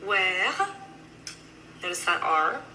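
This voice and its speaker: A woman talks casually and loosely, filling her sentences with "like". Her voice is very bright and sharp at a middle pitch. A faint hum of noise sits behind her. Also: slow pace, low-quality recording. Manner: relaxed, chatty, many "like"s. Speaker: interviewee. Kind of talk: casual chat explaining words.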